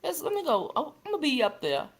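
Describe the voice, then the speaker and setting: A woman's voice: high voice, wildly swooping pitch, fast talker. Chatty woman greeting her livestream viewers. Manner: chatty, greets viewers by name, calls them sister and baby. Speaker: livestream host. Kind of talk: casual livestream chat with viewers.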